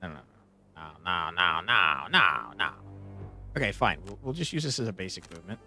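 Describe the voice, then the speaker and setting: With a low, sing-song voice that is sharp and fairly quick, a young man streams a tactics game, chatting loosely, swearing playfully and bursting into mock outrage. Faint game music plays in the background.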